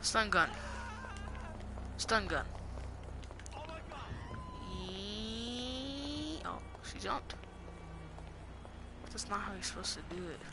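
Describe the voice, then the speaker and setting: A young man streaming a game, chatting casually and excitably, rambling and repeating himself. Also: high-pitched, slow, pauses often, background noise. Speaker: gaming streamer.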